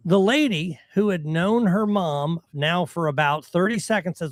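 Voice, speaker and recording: A man's voice: high-pitched, moderate pace, few pauses, dry recording. A man co-hosting a podcast in casual chat, telling a funny anecdote and laughing often. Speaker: podcast co-host.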